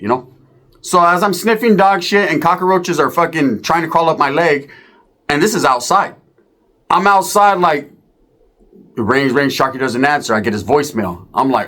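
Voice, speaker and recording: Rambling, profane storyteller. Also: male voice, fairly high pitch, normal speed, a bit bright. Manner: profane, rambling, punchlines with tag questions. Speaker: comedian. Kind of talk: comedic storytelling.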